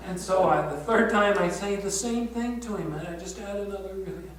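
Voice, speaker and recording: An older man with a high voice preaches at a prayer retreat, telling his story tenderly and often sinking to a hushed near-whisper. He is heard from some distance in a strongly echoing room with a faint hum behind him. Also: a little fast, few pauses. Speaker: pastor leading a prayer retreat. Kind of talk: sermon.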